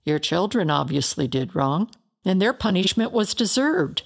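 A woman's voice: fairly low pitch, very animated, normal speed, creaky, heavily acted. A woman voicing a self-righteous male friend in a storybook reading, blunt and accusing.

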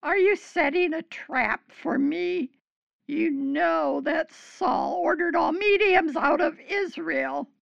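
A woman voicing a frightened female village medium who is shrill, fearful and pleading, in an audio drama. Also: takes it slowly, creaky, dry recording, lo-fi sound, exaggerated voice.

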